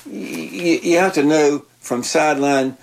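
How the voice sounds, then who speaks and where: An older man, a retired football coach telling stories in a halting, folksy way, often repeating words. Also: on the high side, poor audio. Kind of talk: casual interview chat.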